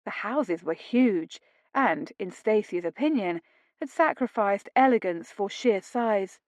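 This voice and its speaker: A woman narrating a historical romance audiobook in a steady, measured way. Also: mid-range voice, no echo. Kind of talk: scripted narration.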